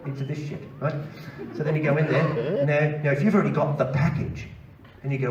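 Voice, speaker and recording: A man's voice: fairly high pitch, fast talker, few pauses, dull audio, background noise. Man, stand-up comedian, profane ranting, live theatre, distant echoey audience recording. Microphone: stage mic captured from the audience.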